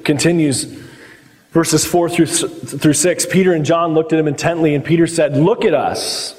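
A man's voice: a little high, darkish tone. Man preaching in a reverberant hall. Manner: conversational, acts out quotes in the story. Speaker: pastor. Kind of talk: sermon.

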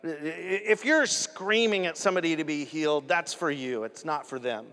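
A man's voice: fairly high pitch, normal speed, bright, forceful tone. A man puts on an older evangelist with a thick foreign accent, earnest and instructive as he lays down a point about preaching. The voice rings out in a hall with a long echo.

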